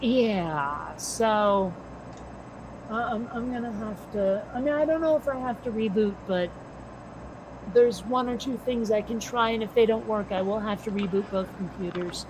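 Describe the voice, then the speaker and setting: An American woman co-hosting a casual chat, blunt and quick to swear. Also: mid-range voice. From United States. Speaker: podcast co-host. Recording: noisy background.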